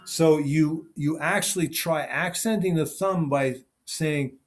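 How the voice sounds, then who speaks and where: A man's voice: a little high, a little slow, few pauses. A man teaching a piano lesson over a video call, thinking aloud and repeating short phrases as he demonstrates. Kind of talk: online teaching session.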